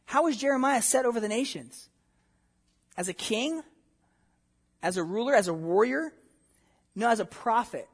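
A pastor with a notably high voice delivers an earnest sermon. He presses his points with emphatic rhetorical questions.

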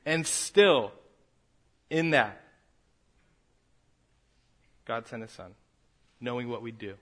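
Male pastor mid-sermon, swings from quiet and reflective to loud and fervent, medium-pitched voice. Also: extremely slow, pauses often. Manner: builds from quiet reflection to fervent raised delivery.

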